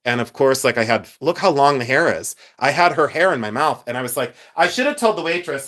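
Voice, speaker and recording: A man's voice: mid-range voice, animated, fairly quick, a bit bright. A man in his fifties hosting a live stream, telling stories in a chatty, joking way. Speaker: host. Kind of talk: casual live-stream chat.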